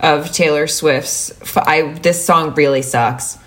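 A woman's voice: deep voice, steady tone, slow. A young woman co-hosting a podcast in casual chat, sarcastic and often laughing. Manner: laughing, sarcastic, reads lyrics aloud mockingly. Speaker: podcast co-host.

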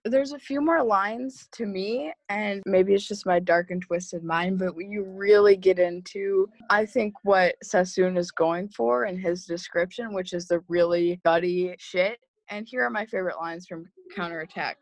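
A woman's voice: medium pitch, measured pace, few pauses, no room sound. A woman co-hosting a podcast, chatting frankly and offhandedly about poems, with casual swearing. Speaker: podcast co-host. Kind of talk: casual chat.

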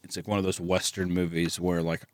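A man's voice: sits low, fairly quick. A man from the States, telling stories in casual, profane podcast chat. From Southern United States. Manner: profane, animated storytelling. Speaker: animator, podcast guest.

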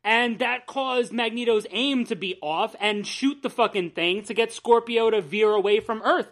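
A man's voice: sits high, normal speed, a bit bright. A man rambles through a casual podcast chat with plenty of enthusiasm and cursing. His delivery is loose, full of restarts and asides. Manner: rambling, enthusiastic, swears freely. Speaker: podcast co-host.

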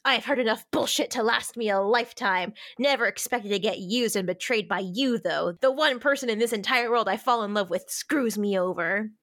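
A woman's voice: a little high, normal speed, few pauses, fairly bright tone, no echo, clean studio sound. A woman reading aloud the lines of an angry young man, the hero of a romance novel, in her own voice.

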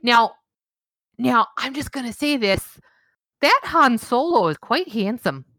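A woman's voice: fairly high pitch, lively intonation, takes it slowly, sharp tone, dry recording, voice pushed up, heavily acted. A woman voicing a chatty, tipsy middle-aged mom friend in a folksy, drawling put-on voice.

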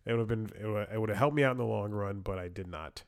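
Guy hosting a podcast, kinda low voice, rambly, keeps restarting sentences, laughs at himself, dead dry sound. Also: racing, no echo. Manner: rambling, self-interrupting, laughs at his own story. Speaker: podcast host. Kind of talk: casual comedic monologue.

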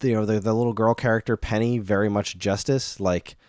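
A man's voice: fairly low pitch, fairly even intonation, a little fast, darkish tone, smooth, no echo, studio quality. A man in his thirties co-hosting a casual chat show, rambling off on tangents. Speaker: podcast co-host.

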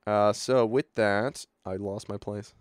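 A young man chatting casually as a podcast co-host, animated and full of filler words, acting out bits of dialogue. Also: on the low side, slow pace, no echo, clean studio sound. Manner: animated, lots of filler words, acts out lines. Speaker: podcast co-host recapping a movie. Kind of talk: casual chat.

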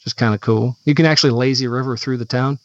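A man's voice: mid-range voice, steady tone, quick pace, no echo. A man co-hosting a podcast in casual chat, rambling and searching for his words. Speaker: podcast co-host. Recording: dull, dry lo-fi podcast audio.

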